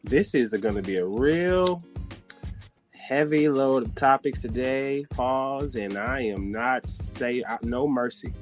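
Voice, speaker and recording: A man hosting a podcast from a studio, talking loud and hyped in casual chat and swearing freely. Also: mid-range voice, animated, takes it slowly, faint music behind. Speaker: podcast host. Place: recording studio.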